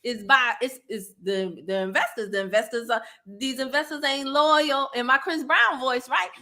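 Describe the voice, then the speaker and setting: A woman hosting a casual livestream chat, animated and laughing, reading viewer comments aloud. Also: fairly high pitch, moderate pace. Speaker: livestream host.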